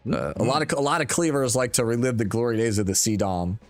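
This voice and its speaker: A young man hosting and casting a game tournament in a relaxed, friendly, slangy way. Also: mid-range voice, a little fast, no echo, faint music behind. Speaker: tournament host and caster. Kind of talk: live tournament game commentary.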